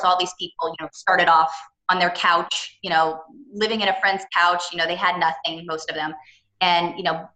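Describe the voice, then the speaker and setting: A woman's voice: fairly low pitch, pushed and bright, echoey room, rough recording. A woman presenting a business etiquette seminar, chatty and engaging with frequent fillers.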